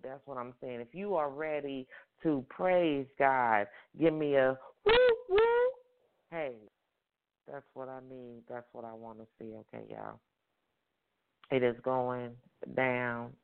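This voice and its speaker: A woman hosting a radio prayer-line show in a sassy, lively manner, repeating her points and calling on listeners to answer back. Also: rumbling low, smooth. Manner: sassy, repetitive exhortations, call-and-response. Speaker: radio talk show host. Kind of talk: casual motivational prayer-line talk. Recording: tinny phone-line sound.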